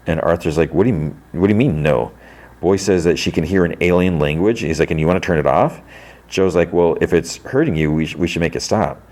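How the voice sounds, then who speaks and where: Low-voiced man casually recapping a show. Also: darkish tone. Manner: rambling retelling that quotes characters' lines in a light put-on voice. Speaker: podcast host recapping a TV episode.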